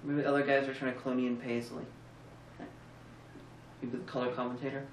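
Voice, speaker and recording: A woman's voice: extremely low pitch, little pitch movement, brisk, slight background noise. Tired, rambling woman, roomy and distant. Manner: rambling, sarcastic, jokey riffs with many restarts. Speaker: film review co-host. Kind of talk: casual film review chat.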